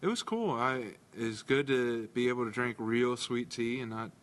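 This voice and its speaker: Co-host type: a dry, hesitant man of middle pitch in easy chat. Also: normal speed. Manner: dry, hesitant, many uh fillers. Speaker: podcast co-host. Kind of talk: casual chat.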